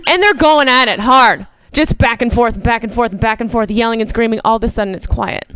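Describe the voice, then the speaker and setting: Canadian woman doing stand-up, bit high voice, loud and animated, lots of little asides. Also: a little fast, clean tone. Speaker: stand-up comedian. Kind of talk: stand-up comedy set.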